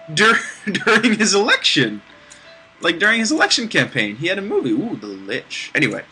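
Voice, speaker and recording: A man's voice: fairly high pitch, bright, forceful tone, poor audio. A man casually commenting on a video game he plays, rambling off-topic with restarts and sarcastic asides. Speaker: let's play gamer. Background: game music.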